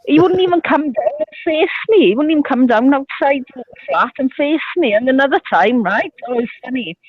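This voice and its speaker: A woman's voice: sits high, animated, fairly quick, breathy edge, no echo, narrow, tinny audio. A middle-aged woman, chatting and telling gossipy stories over the phone from a beer garden. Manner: storytelling with loud bursts of laughter. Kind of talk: casual chat.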